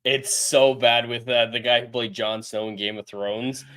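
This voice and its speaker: A man co-hosting a casual film review chat, relaxed and agreeable as he chimes in. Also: mid-range voice, normal speed. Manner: relaxed, agreeable, chiming in with short replies. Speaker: co-host.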